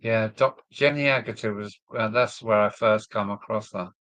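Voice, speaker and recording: A man's voice: on the low side, moderate pace, fairly bright tone, no room sound. An older man with a southern English accent, chatting casually and rambling on a model railway live stream, chuckling as he reads viewer comments aloud from his loft. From southern England. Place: home loft.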